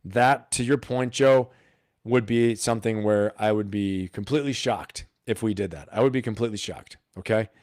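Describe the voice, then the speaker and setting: A man hosting a casual live stream, talking straight to his viewers, animated and full of rhetorical questions. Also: on the low side, moderate pace, no echo, studio quality.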